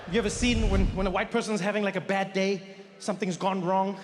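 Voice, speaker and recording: A man with a South African accent performing stand-up comedy, telling an animated story and acting out the other people in it. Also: high voice, fast talker, noisy background.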